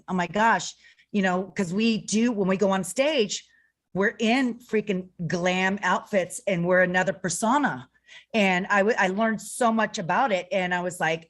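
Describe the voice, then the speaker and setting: A woman's voice: mid-range voice, normal speed. A woman co-hosting a casual chat, telling stories enthusiastically and searching for words now and then. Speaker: co-host.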